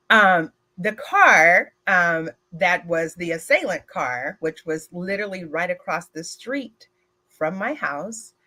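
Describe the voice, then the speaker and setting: Speaking in a lowish voice, a woman at a retreat animatedly recounts a personal story, addressing listeners directly and filling her speech with filler words.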